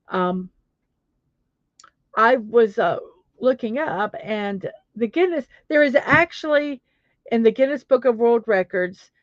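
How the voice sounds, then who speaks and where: A woman's voice: mid-range voice, dry recording. A woman hosting a casual morning livestream, chatting with viewers and trying tongue twisters aloud. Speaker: vlogger reading live chat. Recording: dull lo-fi sound, dry.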